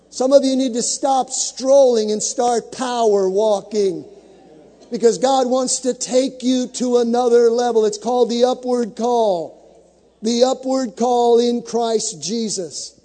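A man's voice: high-pitched, dark tone, in a large hall. A male pastor preaching a sermon to a congregation, with dramatic build-ups, acting out the scripture stories he tells.

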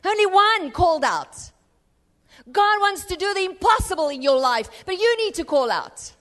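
A woman preaching to a church congregation, her high voice pressing hard and then falling quiet. The long reverb of a church hall trails after each line. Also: very animated, moderate pace. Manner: impassioned, rising to urgent exhortation and dropping to hushed tones. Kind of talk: sermon.

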